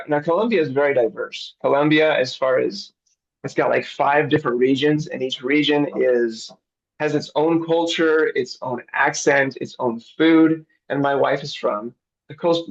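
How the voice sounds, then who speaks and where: Speaking at a medium pitch with some vocal fry, a middle-aged man chats easygoingly over a video call, chuckling often. He directs missionaries and spent his childhood abroad as a missionary kid. The audio is lo-fi.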